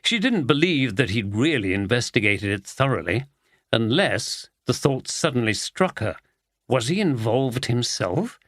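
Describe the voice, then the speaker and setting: A man reading a mystery audiobook aloud in steady, even scripted narration. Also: mid-range voice, measured pace, dry recording, studio quality.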